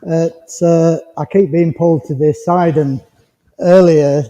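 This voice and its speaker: A man giving a mediumship demonstration to a congregation, talking in a chatty, rambling and gently reassuring way. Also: on the high side, steady tone, takes it slowly. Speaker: spiritualist medium. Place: village hall. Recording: dull lo-fi recording with long hall reverb.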